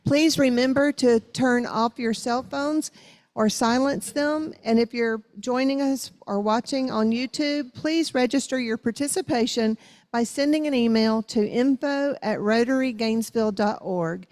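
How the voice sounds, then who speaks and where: A woman opening a club meeting with clear, polite, scripted announcements in a museum meeting hall. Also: on the high side, measured pace, a little mellow. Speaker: meeting presenter.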